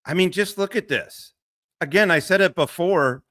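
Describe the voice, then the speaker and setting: A man's voice: sits high, moderate pace, fairly bright tone, no room sound. A middle-aged man hosting a casual livestream, rambling, swearing and laughing often into a close mic. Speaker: livestream host.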